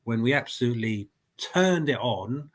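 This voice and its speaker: A man's voice: mid-range voice, lively intonation, normal speed. A man with a cold chats casually into a desk mic at home, hosting a live football reaction stream. He rambles and restarts his sentences often, filling the gaps with ums and uhs. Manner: rambling, chatty, with many fillers and restarts. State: has a cold. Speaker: football fan channel host. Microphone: desk mic at a laptop.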